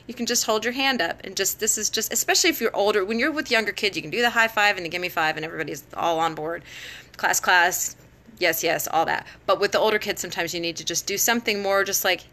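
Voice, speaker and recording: A woman's voice: mid-range voice, bright, forceful tone. A middle-aged woman giving casual, conversational teaching advice on a live stream, laughing often between points. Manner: conversational, frequent laughs and fillers. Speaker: teacher and education blogger. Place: home, live phone broadcast.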